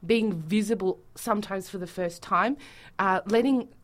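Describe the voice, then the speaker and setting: A woman talking as a theatre-maker guest in a radio studio, animated and acting out quoted voices. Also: medium pitch, moderate pace. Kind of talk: casual interview chat.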